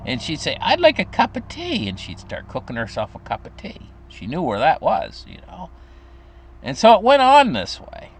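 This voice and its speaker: A man's voice: wildly swooping pitch, normal speed. An older man casually telling a story from his childhood, rambling with fillers and restarts. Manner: acts out quoted voices in a high pitch.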